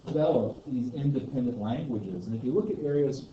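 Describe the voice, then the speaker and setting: A man teaching a history class in a loose, rambling way, full of asides and fillers. He is picked up from across an echoey room, and the recording sounds dull and muffled with steady background noise. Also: medium pitch, fairly quick, recorded from a distance. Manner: chatty, rambling, heavy on "you know" and "like". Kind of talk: classroom lecture with discussion. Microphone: distant room mic.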